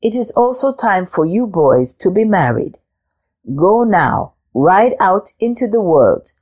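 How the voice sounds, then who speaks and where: Old farmer dad, firm and urging, slow delivery, read by a woman. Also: mid-range voice, very animated, darkish tone. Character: insistent old male farmer father.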